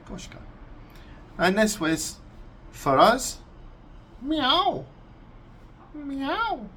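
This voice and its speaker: Slow-talking Scottish man, lively voice. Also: on the high side, a little hiss or hum. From Scotland. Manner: unhurried, amused, imitates animal noises. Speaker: vlogger. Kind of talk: casual explainer vlog.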